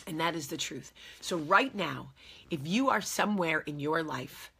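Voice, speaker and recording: A woman in her forties speaks straight to her viewers with earnest conviction and often repeats her key phrases for emphasis. Her voice is husky and slightly rough, yet it carries a bright, forceful edge. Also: sits low, expressive, measured pace. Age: 40s. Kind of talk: heartfelt casual talk to camera.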